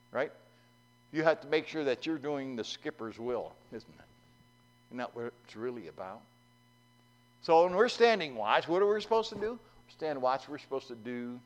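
A man's voice: mid-range voice, rough recording. Folksy man preaching a sermon. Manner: folksy, asks the congregation questions; acts out voices in a told story.

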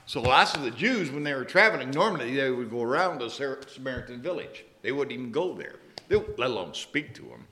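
Lively storytelling male preacher. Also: mid-range voice, brisk, hardly any pauses. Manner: storytelling, conversational with asides. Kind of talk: sermon.

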